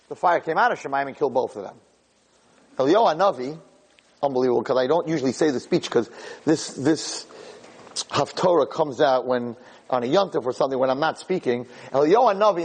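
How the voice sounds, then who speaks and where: A man's voice: breathy edge, poor audio. A man giving a spoken sermon, retelling a scripture story dramatically and acting out the quotes. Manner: animated, dramatic retelling with acted-out quotes and sudden high exclamations. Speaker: rabbi giving a Torah talk.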